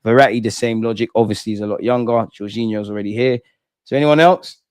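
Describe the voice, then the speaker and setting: A man hosting a casual live-stream reaction, animated and slangy as he answers his viewers' chat. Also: lowish voice, fast talker, smooth, no echo, studio quality. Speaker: football channel host.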